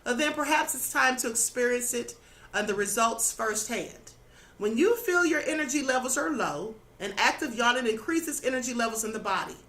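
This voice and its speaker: A woman with a high, bright voice gives a spiritual lesson in an earnest, instructive way. She checks in with the listener as she goes, and her voice sounds a little worn. She talks as the host of her own channel. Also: expressive, normal speed. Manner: earnest, instructive, adds "okay?" and "you know". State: slightly losing her voice. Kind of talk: spiritual teaching monologue.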